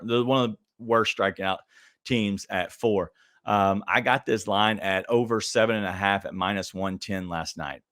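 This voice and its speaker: A man's voice: lowish voice, fairly bright tone. A man hosting a podcast, giving casual sports betting advice in a chatty, hesitant way straight to his listeners. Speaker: podcast host.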